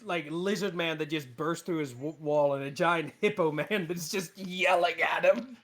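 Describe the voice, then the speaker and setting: A man playing in a tabletop game, chatting excitably, joking and swearing freely. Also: fairly high pitch, moderate pace. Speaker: player. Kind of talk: casual chat at a tabletop game.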